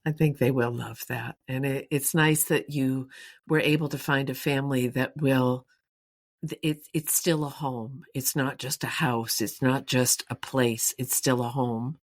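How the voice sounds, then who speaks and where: A woman's voice: very deep voice, fairly even intonation, a little slow. A woman co-hosting a casual chat, listening supportively and reflecting back on her friend's story. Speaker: podcast co-host.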